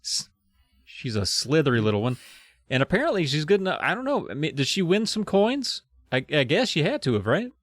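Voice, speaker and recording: A man's voice: a little high, big pitch swings, brisk, dry recording, clean studio sound. A man hosting a podcast, recapping a book chapter in a joking, rambling way with asides. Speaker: podcast host. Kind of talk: casual comedic book recap.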